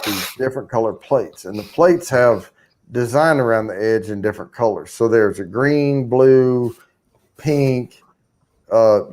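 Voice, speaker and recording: A man on a live stream telling a casual, animated story, swearing freely and acting out the other people's voices. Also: medium pitch. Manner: animated, profane, acts out voices.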